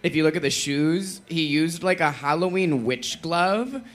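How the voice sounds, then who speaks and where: A man's voice: a little high, lively intonation, a bit bright. A man, a drag queen, chatting casually about his runway look, swearing freely and laughing often. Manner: chatty, profane, quick to laugh. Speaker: drag queen contestant guest. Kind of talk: casual chat.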